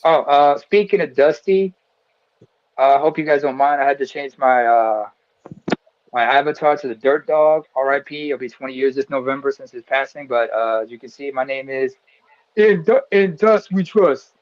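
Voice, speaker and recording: A man's voice: medium pitch, steady tone, moderate pace, no room sound, lo-fi sound. A man chatting casually on a group call, telling stories in a rambling, profane way. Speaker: panelist.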